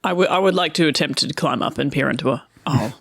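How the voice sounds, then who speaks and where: A woman's voice: sits low, fast, creaky. A woman playing a tabletop game in a playful, giggly way. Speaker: player. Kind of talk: casual tabletop play.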